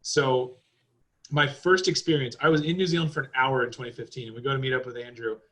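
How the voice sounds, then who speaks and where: A man's voice: medium pitch, steady tone, fast talker, fairly bright tone, low-quality recording. A man on a podcast as a guest, chatting casually in a rambling way, with lots of fillers and loose swearing. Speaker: podcast guest, driving school owner.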